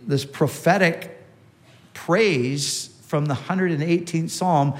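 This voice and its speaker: A man's voice: on the high side, slow. A man preaching a sermon in a teaching manner, repeating key phrases for emphasis and restarting his sentences.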